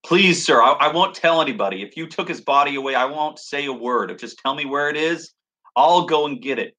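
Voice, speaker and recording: A man's voice: on the high side, lively intonation, a little fast, bright, forceful tone, voice pushed up, low-quality recording. A male preacher voicing a grieving woman who begs urgently to be told where a body is. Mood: pleading. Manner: pleading, urgent, raised voice.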